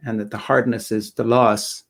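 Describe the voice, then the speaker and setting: An older man, an author guest in a live online interview, talking in an earnest, halting way and searching for his words. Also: on the low side, flat delivery, gravelly, a bit bright. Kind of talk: reflective interview talk.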